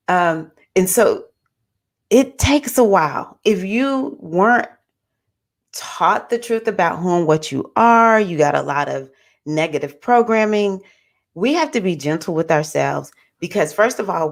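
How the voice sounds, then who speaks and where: A woman in her fifties hosting a spiritual livestream, talking in a gentle, encouraging, reflective way. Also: low voice. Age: 50s. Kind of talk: casual spiritual chat.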